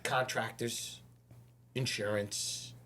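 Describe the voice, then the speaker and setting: A man hosting a podcast interview, talking in a rambling way, repeating words and slowing down to stress his points. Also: mid-range voice, steady tone, bright, forceful tone. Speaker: podcast host. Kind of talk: casual interview.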